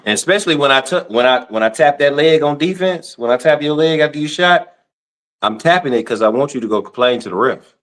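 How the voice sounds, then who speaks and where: A man co-hosting a sports talk podcast, in slangy, animated casual chat. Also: on the high side, a little fast. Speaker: podcast co-host.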